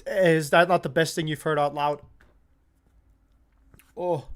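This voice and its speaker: A man's voice: a little high, takes it slowly, clear, resonant tone. A young man hosting a live football watch-along stream, chatting casually, swearing freely and getting worked up over the play. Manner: excitable, swears freely, shouts and laughs at goals.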